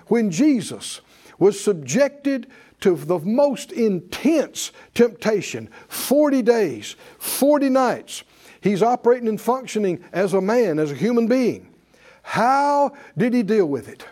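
Emphatic high-pitched preacher man. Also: warm tone. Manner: call-and-response preaching, emphatic repetition. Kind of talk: sermon. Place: church with congregation.

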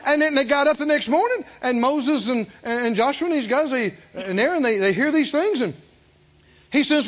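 Male pastor, high lively voice, acts out quotes, asks the congregation questions, slightly dull lo-fi recording. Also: normal speed, long pauses. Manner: animated preaching with call-and-response questions to the congregation; acts out quoted voices with big swings in pitch and loudness. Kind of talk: sermon.

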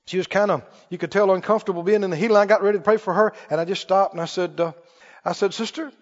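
A man's voice: sits high, steady tone, very fast. A man preaching a sermon, telling stories and asking the congregation rhetorical questions, and he laughs at himself as he talks. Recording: dull audio with long reverb in a hall.

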